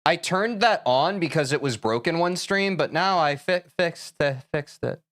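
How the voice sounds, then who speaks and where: A man's voice: on the high side, lively intonation, moderate pace, a bit bright, dry recording, clean studio sound. A man streaming a game, talking casually to his chat in a rambling, self-interrupting, opinionated way.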